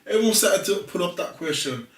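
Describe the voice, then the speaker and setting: A man's voice: high-pitched, animated, a little fast. A young adult man in a casual talk-show chat, telling stories animatedly and with emphasis. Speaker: guest. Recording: echoey room, mic at a distance.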